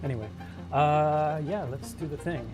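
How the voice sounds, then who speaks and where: A man's voice: fairly high pitch, moderate pace, loud music behind the voice. A man streaming a video game, chatting casually and rambling with his viewers, chuckling now and then. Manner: easygoing, rambling, chuckles to himself. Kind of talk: casual livestream chat while gaming.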